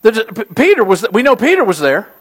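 High-voiced man preaching an animated sermon. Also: brisk, breathy edge. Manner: animated storytelling, rising to emphatic peaks. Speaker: pastor.

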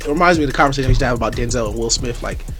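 A man's voice: medium pitch, racing, a bit bright, faint music behind. A young man chatting casually, enthusiastic and emphatic, using slang. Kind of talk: casual chat.

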